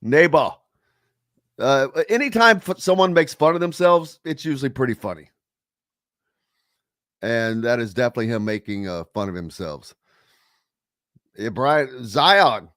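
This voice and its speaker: A man's voice: mid-range voice, sing-song, moderate pace, long pauses, fairly bright tone, no room sound, studio quality. A man hosting a casual sports talk radio show, rambling loosely with plenty of fillers and reading listener comments aloud.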